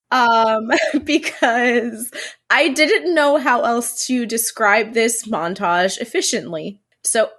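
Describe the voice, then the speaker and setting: A woman's voice: fairly high pitch, drawn-out words, a bit bright. A woman co-hosting a casual podcast, talking with a head cold, chatty and laughing often. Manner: chatty, laughs often, self-deprecating asides. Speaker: podcast co-host.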